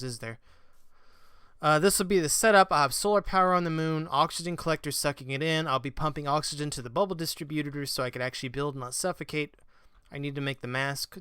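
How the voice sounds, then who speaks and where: Man, casual gameplay commentary, smooth resonant voice, self-mocking, mock-exasperated rants. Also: mid-range voice, pushed and bright, no room sound. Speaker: let's play gamer.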